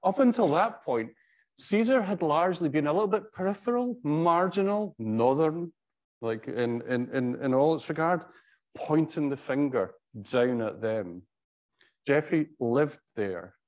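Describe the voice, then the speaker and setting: A middle-aged man, a professor, giving an anecdotal tribute speech in a conversational, halting way, with wry storytelling and frequent restarts. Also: on the high side, lively intonation, darkish tone.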